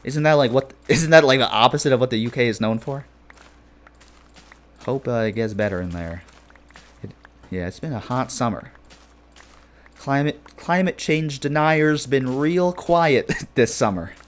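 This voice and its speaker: A man's voice: mid-range voice, unhurried, long pauses. A man with a middling voice chats casually with his viewers while streaming a game. He rambles, cracks jokes and leans on filler phrases. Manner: jokey and playful. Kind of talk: casual live-stream chat.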